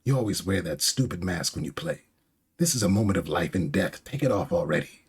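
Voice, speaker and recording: A man's voice: low voice, sing-song, takes it slowly, husky, full character voice. A man voicing a panicky, insulting villainous male shogun who shrieks and sputters in frantic outbursts.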